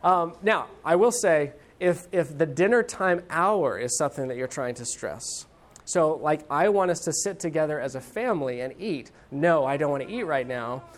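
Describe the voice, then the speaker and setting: A middle-aged man teaching a parenting class, talking in a loose, conversational way. He pauses often and fills gaps with ums and uhs. His voice becomes animated when he acts out a parent or a child. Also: on the high side. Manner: conversational, hesitant with fillers, animated when quoting.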